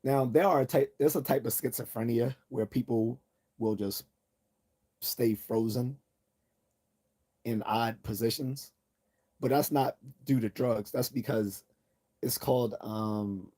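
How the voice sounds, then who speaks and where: Mellow-voiced man ranting and laughing. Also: mid-range voice, measured pace, long pauses, slightly rough. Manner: rambling and profane, laughing often at his own jokes. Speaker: livestream host. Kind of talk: casual livestream rant.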